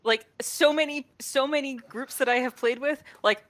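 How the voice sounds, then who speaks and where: A woman's voice: sits high, normal speed, a bit bright, no room sound. Chatty woman playing a tabletop game. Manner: chatty, laughs often, filler-heavy. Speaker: player. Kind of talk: casual tabletop game chat.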